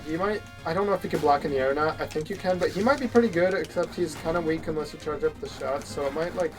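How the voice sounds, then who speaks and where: Relaxed male co-player, laid-back and chatty, with clear background music. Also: fairly high pitch, fast, rough recording. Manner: easygoing, laughs along, hedging game tips. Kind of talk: casual chat while playing a video game.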